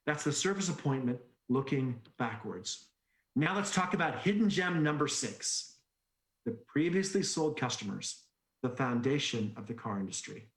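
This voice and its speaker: A man giving an energetic sales-training presentation, telling stories and asking rhetorical questions. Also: mid-range voice, moderate pace. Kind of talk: conference presentation. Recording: echoey room.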